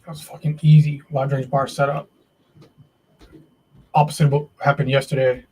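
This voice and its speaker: A man's voice: medium pitch, flat delivery, normal speed, warm tone, slightly rough, low-quality recording. A man hosting a live day trading stream, talking to himself and viewers as he trades, often frustrated and swearing.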